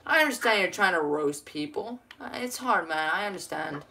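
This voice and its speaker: A woman bantering with a friend while playing a video game, teasing and swearing, laughing often and now and then shouting. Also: fairly low pitch, lively intonation, moderate pace, heavy background noise. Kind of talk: casual gaming banter.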